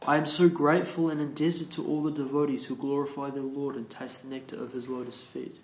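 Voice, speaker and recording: A man's voice: mid-range voice, level tone. Man reading scripture in a roomy space. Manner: slow, careful reading with restarts on chanted verse words. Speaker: class leader reading scripture. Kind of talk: reading aloud and explaining scripture. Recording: roomy echo.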